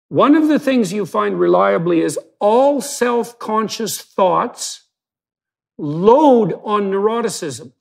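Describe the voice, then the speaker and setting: A middle-aged man, a psychologist, discussing in an emphatic, lecture-like way, posing questions with sudden rises in pitch. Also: gravelly, darkish tone. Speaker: psychologist in conversation.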